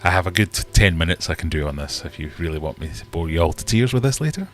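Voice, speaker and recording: A man's voice: low-pitched, lively intonation, fast talker. A man hosting a casual live-stream quiz, chatty and joking as he reads out the questions. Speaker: livestream quiz host.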